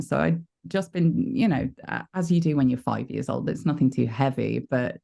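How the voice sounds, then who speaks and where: A woman's voice: very deep voice, normal speed, creaky, few pauses, mellow. A British woman in her forties, a voice actor guest in an interview, talking candidly and chattily about her life and laughing at herself. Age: 40s. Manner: frank, chatty storyteller who laughs at herself.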